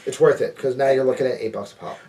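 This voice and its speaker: A man's voice: mid-range voice, very fast, warm tone, far from the mic. A man co-hosting a casual chat about tabletop miniatures, enthusiastic and jokey, full of ideas. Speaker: co-host. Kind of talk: casual chat reviewing crowdfunding campaigns.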